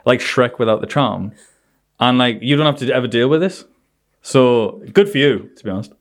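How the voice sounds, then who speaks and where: Brief: male co-host, animated storyteller, mid-range voice, laughs as he talks. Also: mid-range voice, normal speed. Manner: animated, laughing, says "right?" often. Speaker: podcast co-host. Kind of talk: casual storytelling chat.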